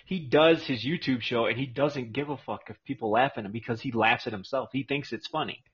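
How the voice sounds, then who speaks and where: A man's voice: medium pitch, a little fast, husky. A man co-hosting a podcast in casual, profane chat, laughing often and swearing freely, on a dull lo-fi recording. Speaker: podcast co-host.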